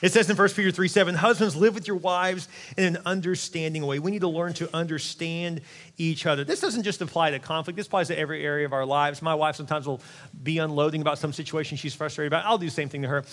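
A middle-aged man, a pastor, preaching an animated, conversational sermon with quick asides in a large church auditorium. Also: on the high side. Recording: long hall reverb.

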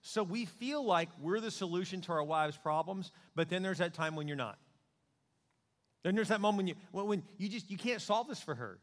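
A male pastor preaching a sermon in a conversational, joking and animated way. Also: high-pitched, moderate pace, big-room sound.

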